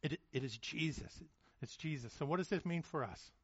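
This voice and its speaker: A man's voice: a little high, moderate pace, breathy edge, dry recording, dull audio. A man preaching a sermon in a casual, conversational way, often repeating words as he restarts and checking in with "okay?" and "right?". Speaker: pastor.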